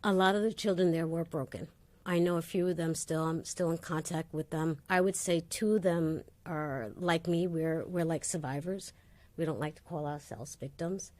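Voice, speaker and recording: Animated woman telling personal stories. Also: deep voice, moderate pace, no echo. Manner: animated storytelling, acting out quoted voices. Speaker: guest. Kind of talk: candid interview conversation.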